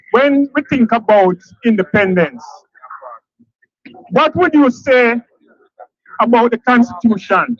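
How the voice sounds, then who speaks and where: A man's voice: very high voice, fairly bright tone, no room sound, highs cut off. A man with a Jamaican accent giving a speech at an outdoor protest, repeating phrases and quizzing the crowd. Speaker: protest speaker. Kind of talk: rally speech.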